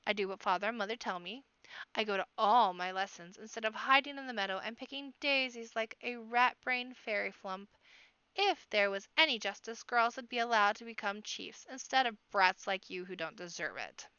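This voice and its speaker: A scolding, self-important girl rabbit from a storybook, played by a woman reading aloud, bright and crisp. She lectures her brother with a sharp edge to her voice. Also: on the high side, normal speed, no echo, dull audio. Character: bossy, proud girl rabbit, an elder sister. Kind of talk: amateur audiobook narration.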